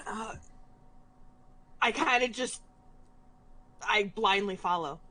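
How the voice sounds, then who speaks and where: A woman's voice: mid-range voice, slow pace, bright, forceful tone. A woman playing a tabletop game, describing her character's actions and asking the game master questions. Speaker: player. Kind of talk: tabletop role-play.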